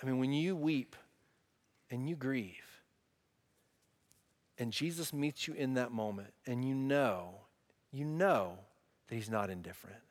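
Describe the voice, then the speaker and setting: A male pastor preaching conversationally, often restarting phrases, swinging between loud emphasis and quiet, soft moments. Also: mid-range voice, measured pace, pauses often, in a large hall. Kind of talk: sermon.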